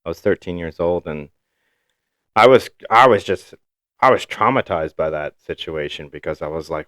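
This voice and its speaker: Low, smooth-voiced man telling stories. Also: expressive, moderate pace, a bit bright, dry recording, clean studio sound. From Ohio, USA. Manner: loose storytelling, swears freely. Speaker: podcast co-host. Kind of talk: casual chat.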